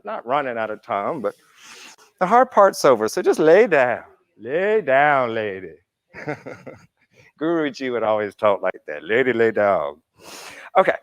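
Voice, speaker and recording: A man's voice: on the high side, dry recording. A man teaching a live yoga class, counting students through poses with encouraging cues and playful asides. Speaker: yoga instructor. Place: indoor yoga class room.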